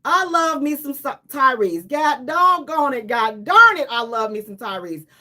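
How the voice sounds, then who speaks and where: At a measured pace and with a high voice, this radio host offers informal, animated commentary. She's emphatic, restates things for effect, and laughs between her lines.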